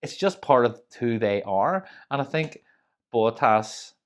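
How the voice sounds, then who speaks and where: A woman's voice: a bass voice, animated, takes it slowly. A woman co-hosting a podcast, telling stories in a chatty way with many asides. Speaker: podcast co-host. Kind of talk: casual chat.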